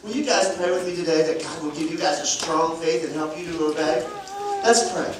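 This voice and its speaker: Playful pastor in an echoey church. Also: male voice, a little high, fast. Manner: playful, asks children questions. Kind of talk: children's sermon with props. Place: church sanctuary. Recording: very echoey church hall from a distance with room noise.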